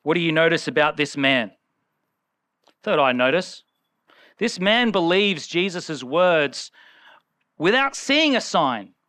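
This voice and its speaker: A man's voice: a little high, very animated, slow, pauses often, sharp tone, no echo, studio quality. A man preaching a conversational sermon, acting out the people in the story as he retells it.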